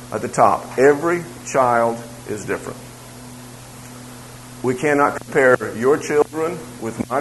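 A man of ordinary pitch teaches a church Bible class, talking casually and circling back over his phrases. He makes asides to the people in the room as he goes. A faint hum sits under his voice. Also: rough recording.

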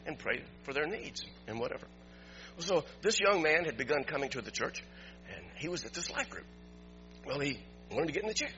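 A man, a pastor, preaching a sermon in an animated storytelling way that climbs to emphatic peaks. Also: medium pitch, highs cut off.

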